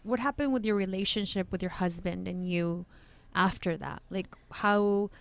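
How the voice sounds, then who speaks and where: A woman's voice: medium pitch, moderate pace, creaky, clear, resonant tone. A woman hosting a casual interview, rephrasing her questions as she asks them. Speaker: host.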